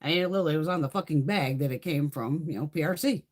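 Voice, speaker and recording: A middle-aged woman chatting on a live stream, telling a story in a profane, animated way with a husky voice. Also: low-pitched, very fast. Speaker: beauty vlogger. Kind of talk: casual live-stream chat.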